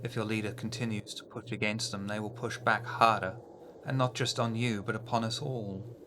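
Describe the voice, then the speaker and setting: A man voicing a mysterious, menacing woman who delivers measured, ominous warnings. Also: on the low side, steady tone, noisy background, close to an everyday voice.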